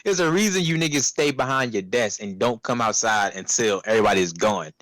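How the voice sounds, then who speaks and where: Young dude ranting about his old fast food job, swears a lot, dry close sound. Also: on the low side, no room sound. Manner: profane, animated storytelling with acted-out customer voices. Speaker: podcast co-host. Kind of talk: casual storytelling chat.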